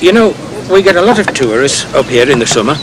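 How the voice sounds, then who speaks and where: A chatty, nosy landlord, awkwardly friendly. His voice is fairly high and lilting, with clear outdoor noise and a passing boat behind him. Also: big pitch swings, fast. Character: chatty, nosy pub landlord, middle-aged man.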